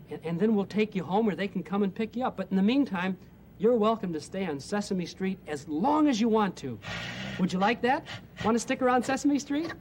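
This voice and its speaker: A man hosting a children's TV show, speaking in a gentle, soft-spoken and coaxing way. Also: sits high, slight background noise. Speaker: host. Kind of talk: children's TV presenting.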